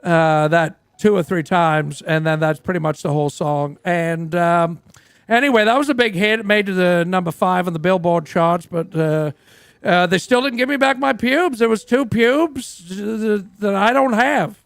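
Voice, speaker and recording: Crude rock star guy rambling and bragging in a game rp, played by a man, high gravelly voice. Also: moderate pace, no echo. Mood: boastful. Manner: rambling, crude and boastful, many fillers. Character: crude, boastful male rock singer. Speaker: roleplay character. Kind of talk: rambling in-character storytelling. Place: game stream from a dry studio.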